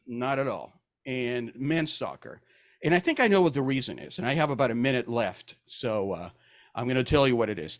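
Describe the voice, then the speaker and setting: A man's voice: medium pitch, a bit bright, no echo, studio quality. An older man from Argentina, doing stand-up comedy with self-deprecating jokes and lots of hesitant fillers. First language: Spanish. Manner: self-deprecating, hesitant with fillers, breaks into silly voices and songs.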